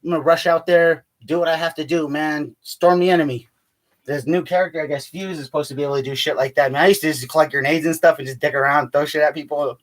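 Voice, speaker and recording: A man's voice: on the high side, steady tone, fast. A man rambling casually in a vlog, swearing a lot, tacking "man" onto his lines and laughing often. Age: adult with a child. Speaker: vlogger.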